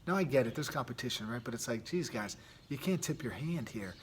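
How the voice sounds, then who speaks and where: A man's voice: medium pitch, animated, brisk, slight background noise. A man hosting a podcast and coaching youth sports. He talks earnestly in a loose, casual monologue, restarting sentences and adding "right?" often.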